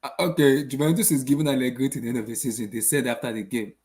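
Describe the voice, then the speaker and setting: A man's voice: mid-range voice, rapid-fire, few pauses, darkish tone. A young man hosting a casual football channel, ranting after a match with exasperated rhetorical questions and lots of repetition. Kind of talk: casual post-match rant.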